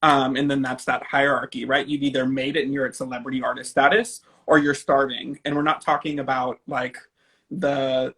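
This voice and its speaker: A man's voice: mid-range voice, level tone, moderate pace, pushed and bright, husky. A man from Napa, California, interviewing an artist in a casual conversation, speaking thoughtfully with fillers and tag questions. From Napa, California, USA.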